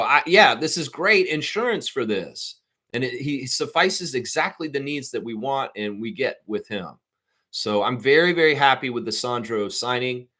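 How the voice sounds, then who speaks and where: A man hosting a live sports fan stream, chatting casually, rambling and reading viewer comments aloud. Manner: gets loud and high-pitched when worked up. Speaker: sports fan livestream host. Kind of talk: casual live chat reacting to news.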